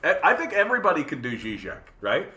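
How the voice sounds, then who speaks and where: A man hosting a casual livestream, ranting in an animated, profane way, often repeating words as he thinks and answering chat. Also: mid-range voice, moderate pace, roomy sound. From Canada. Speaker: livestream host reading chat.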